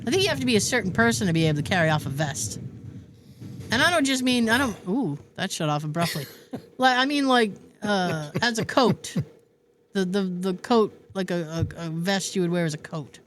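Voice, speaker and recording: A woman's voice: medium pitch, expressive, fairly quick. A woman in her fifties hosting a podcast, telling rambling stories with frequent laughter. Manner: rambling storyteller, laughs often. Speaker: podcast host. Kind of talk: casual chat. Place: indoor room with a space heater running. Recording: noisy room with heater hum.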